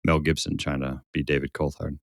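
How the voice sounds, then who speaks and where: Male podcast host from the US, low voice, playful and chatty, dry close mic. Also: little pitch movement, a little fast, gravelly, no echo. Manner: joking, loose and chatty with frequent likes and asides. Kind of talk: casual podcast chat.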